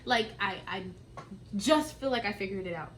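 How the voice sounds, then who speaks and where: A woman's voice: medium pitch, lively intonation, moderate pace, a bit bright, a little hiss or hum. A woman in her twenties, talking openly and reflectively with her mother. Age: 20s. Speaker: daughter and co-host. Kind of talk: candid family conversation.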